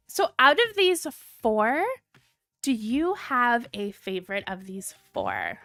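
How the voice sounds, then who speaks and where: A woman hosting a casual livestream, sick with a cold, with a low sultry tone, gushing and reading viewer comments aloud. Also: huge pitch swings, takes it slowly, creaky, a bit bright, dry recording, clean studio sound. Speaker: livestream host.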